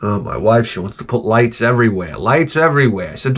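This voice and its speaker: A man's voice: lowish voice, big pitch swings, fairly quick, fairly bright tone, slightly rough. A man hosting a video, telling stories in a casual, profane, exasperated rant and jumping into exaggerated voices. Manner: acts out voices in exaggerated bursts. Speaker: video host. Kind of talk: casual ranting monologue.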